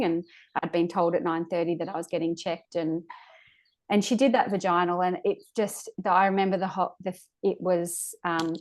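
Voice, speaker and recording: Low, flat-voiced woman telling a birth story. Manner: halting, searching for words, frequent restarts. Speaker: podcast guest. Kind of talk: recounting a personal birth story.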